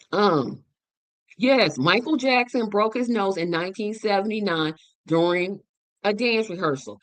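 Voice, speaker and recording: A woman hosting her own show, talking through a movie in an animated, emphatic way and repeating words for effect. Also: mid-range voice, a little slow, long pauses, dry recording. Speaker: show host. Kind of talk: casual movie review chat.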